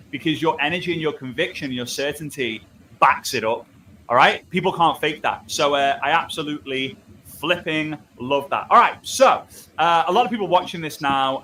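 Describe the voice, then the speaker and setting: A man's voice: a little high, bright, forceful tone, slight background noise, poor audio. A man hosting an interview over a video call, praising his guest enthusiastically and restarting his sentences often. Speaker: interviewer host.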